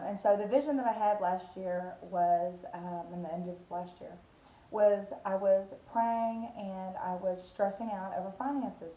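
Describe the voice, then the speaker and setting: A woman's voice: on the low side, warm tone. A woman giving a casual devotional talk as a Christian vlogger, rambling with many fillers and restarts. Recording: roomy echo.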